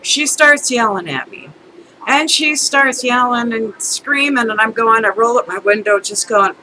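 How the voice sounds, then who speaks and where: Chatty middle-aged woman venting, bright and lively, slightly high voice, keeps laughing through it. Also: a little slow, a little hiss or hum, poor audio. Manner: rambling, chatty, breaks into laughs. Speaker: vlogger. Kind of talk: casual ranting storytime.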